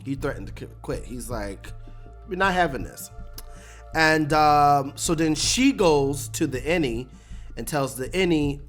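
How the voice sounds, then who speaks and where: A host giving a casual, animated breakdown of a TV episode, laughing often and acting out lines. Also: mid-range voice, unhurried, faint music behind. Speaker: show recap host.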